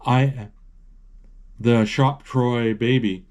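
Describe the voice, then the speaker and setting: A man reading out a young girl's earnest speech to a crowd, deliberate and pleading, in his own slow voice. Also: medium pitch, steady tone, darkish tone, lightly acted.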